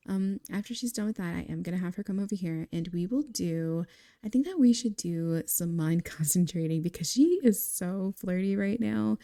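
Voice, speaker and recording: A woman's voice: mid-range voice, vocal fry, mellow, dry recording, clean studio sound. A woman giving casual, chatty commentary on a life-simulation game, giggling and talking straight to her viewers. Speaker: gaming creator.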